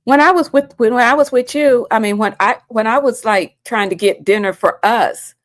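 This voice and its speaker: A woman's voice: a little high, normal speed, no echo, clean studio sound. Teasing woman in sports banter. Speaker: sports show co-host. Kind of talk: casual sports talk.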